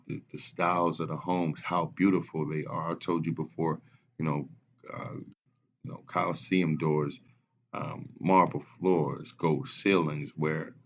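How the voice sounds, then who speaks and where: Slow, deep-voiced young man. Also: dull audio. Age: 20s. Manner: animated storyteller, laughs often. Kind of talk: casual podcast chat.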